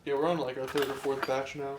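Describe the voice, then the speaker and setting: A man's voice: mid-range voice, level tone, quick pace. A man co-hosting a casual tool shop chat, dry and laid-back, often correcting the host. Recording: noisy shop recording.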